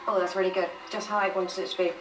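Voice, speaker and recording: A woman's voice: fairly low pitch, little pitch movement, very fast, roomy sound, distant mic, over music, poor audio. A woman hosting a dinner party at home, chatting cheerfully to camera as she cooks. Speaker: dinner party host cooking. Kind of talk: casual chat to camera. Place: home kitchen and dining room.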